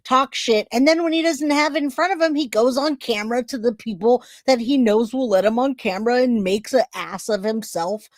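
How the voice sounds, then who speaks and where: A woman's voice: on the high side, fairly quick, hardly any pauses, no echo, studio quality. A woman giving emotional, blunt reaction commentary to her viewers, swearing casually as she talks. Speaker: online commentator.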